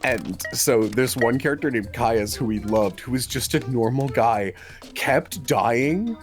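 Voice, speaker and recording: A man chatting casually on a livestream, his stories animated and broken up by quick bursts of laughter. Faint music plays underneath his voice. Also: medium pitch. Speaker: livestream co-host. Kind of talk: casual stream chat.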